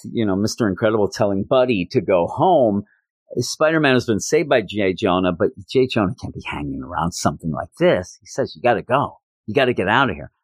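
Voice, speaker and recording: A man hosting a podcast, casually reviewing a comic book and retelling its scenes with quick quoted lines. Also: fairly low pitch, no room sound. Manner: animated retelling, quoting characters in quick bursts. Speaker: podcast host.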